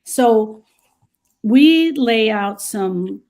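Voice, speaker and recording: A woman's voice: on the high side, lively intonation, drawn-out words, a little mellow. A woman grief specialist giving earnest, emphatic advice in a discussion. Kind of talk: instructive discussion.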